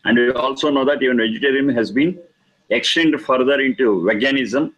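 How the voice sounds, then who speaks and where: A man teaching a lesson on scripture, speaking slowly and emphatically, repeating key words for stress. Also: medium pitch, fairly bright tone, rough recording. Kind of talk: lecture explaining scripture.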